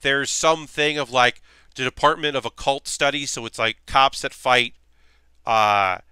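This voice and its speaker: A man's voice: mid-range voice, a little slow, pushed and bright, clean tone, no room sound. A young man hosting a livestream, rambling casually with lots of fillers between points. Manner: rambling, filler-heavy, chatty. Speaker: streamer hosting a model-building show.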